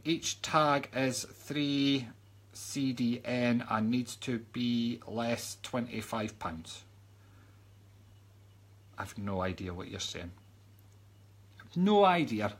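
A man's voice: medium pitch, fairly bright tone. A Scottish man chatting casually on a live stream, reading out viewers' comments and going off on joking rants, now and then dropping to a mock whisper. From Scotland. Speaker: psychic medium reading live chat comments.

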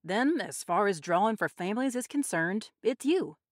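Woman as a formal village official man, brisk, louder than the narration. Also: mid-range voice, sing-song, no echo, studio quality, close to an everyday voice.

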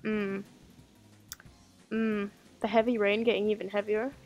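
A woman's voice: medium pitch, flat delivery, a little slow, a little mellow, dull audio, faint music behind. A woman giving sarcastic, casual commentary as she streams a video game, mocking what she reads on screen.

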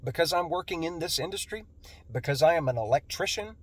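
An electrician and video creator talks to camera about his work during a lunch break on a construction site, plain and earnest with a self-deprecating streak. His voice sits on the high side, nasal with a breathy edge, expressive and a little fast, in a casual vlog style.

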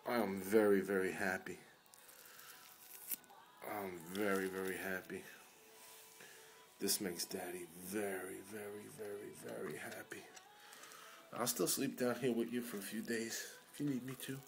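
Soft-spoken man coaxing his pet. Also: low voice, a little slow, long pauses. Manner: tender, coaxing baby talk, drops to soft murmurs. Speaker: dog owner filming his sick pet. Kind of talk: casual home video talking to a dog. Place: at home indoors.

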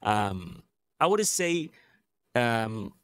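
Casual, earnest bahraini guy in his 30s, mid-pitched voice, tells stories with lots of life. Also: extremely slow, clear, resonant tone, dry recording. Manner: earnest, animated storyteller who acts out quotes. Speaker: esports MC and event host. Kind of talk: casual podcast interview.

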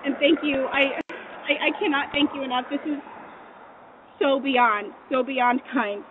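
A high-voiced young woman speaks at a front porch, tearful and overflowing with thanks. The sound is thin and phone-like, with clear outdoor noise behind her. She talks in a choked-up way. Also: steady tone, unhurried. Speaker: delivery driver. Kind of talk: doorstep video.

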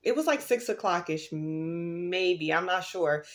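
A woman's voice: on the low side, slow pace. Tired, chatty woman vlogger. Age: adult mother. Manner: rambling, chatty, many fillers and restarts. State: tired, groggy morning voice. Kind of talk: casual vlog chat.

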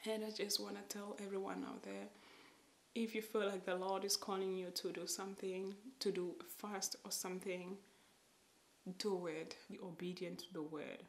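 Woman, low voice, emotional faith testimony, halting, drifts into whispers, echoey room. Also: fairly even intonation, gravelly. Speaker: vlogger.

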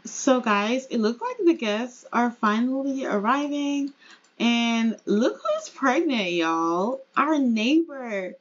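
A woman giving chatty, excitable commentary as she plays a life-simulation game. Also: on the high side, takes it slowly, highs cut off. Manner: chatty, excitable, laughing asides. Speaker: gaming creator. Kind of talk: casual gameplay commentary.

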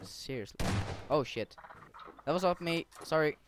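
A young man playing a horror game with a friend, his voice swinging widely in pitch. He talks at a slow pace and breaks into shrieks and laughter whenever something startles him. A faint hiss sits under the recording. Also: lively intonation. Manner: jumpy, shrieks and laughs when scared. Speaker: game player. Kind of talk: casual gaming chat.

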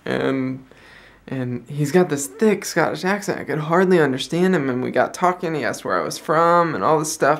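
A man's voice: a little high, expressive, normal speed, vocal fry. A young man, vlogging in a chatty, rambling way and often correcting himself as he tells a story. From United States. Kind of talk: casual storytelling vlog.

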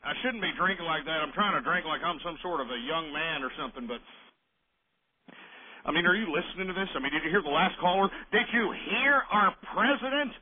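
A man hosting a late-night call-in show, ranting bluntly with a high, wildly swooping voice. He curses freely and stumbles over restarts as he drinks beer. The sound is thin and tinny, squeezed into a narrow band. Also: expressive, fairly quick. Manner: angry, blunt, profane ranting with repeated restarts. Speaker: call-in radio host. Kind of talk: late-night political talk radio rant.

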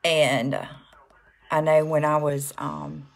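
A low-pitched woman with a Southern US accent talks casually on a makeup livestream. Her voice sits deep for a woman, and her chat rambles along with plenty of fillers as she greets viewers. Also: flat delivery, takes it slowly, creaky. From American South.

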